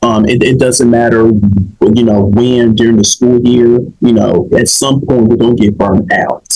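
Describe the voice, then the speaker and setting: A man's voice: medium pitch, fairly even intonation, unhurried, darkish tone, soft background music, low-quality recording. A young man hosting a comedic advice show, emphatic and preachy, often checking in with his listeners.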